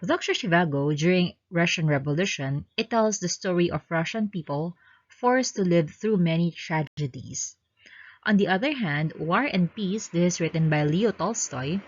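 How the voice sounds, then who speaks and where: A woman's voice: fairly low pitch, highs cut off, slight background noise. A woman with a Filipino accent reads exam review questions aloud and explains each answer choice in turn, like a teacher. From Philippines.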